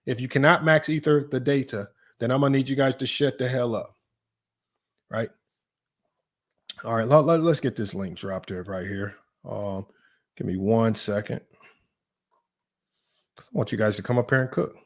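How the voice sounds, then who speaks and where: Brash teasing livestream host, a man. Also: medium pitch. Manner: brash, rapid, teasing, talks straight to chat. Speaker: sports debate livestream host. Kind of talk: casual live-stream commentary.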